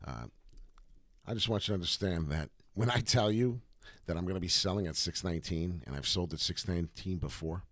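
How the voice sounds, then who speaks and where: A man's voice: low-pitched, brisk, fairly bright tone, dry recording. A man hosting a live crypto market stream, brash and hype-driven, swearing casually as he talks. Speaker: crypto livestream host.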